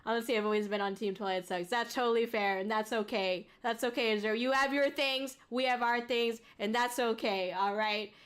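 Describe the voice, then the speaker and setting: Young woman, high bright voice, giggly, excitable, casual stream chat. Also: brisk, hardly any pauses, clean tone. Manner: giggly, excitable, often bursting into laughter. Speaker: VTuber streamer.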